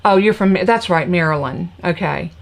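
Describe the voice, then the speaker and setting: A woman's voice: lowish voice, normal speed, creaky. A middle-aged woman with a Southern North Carolina accent, hosting a live crafting session from her home craft room and chatting casually with viewers between steps. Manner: chatty, folksy, talks to viewers as y'all with many ums. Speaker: crafting livestream host. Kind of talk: casual live tutorial chat.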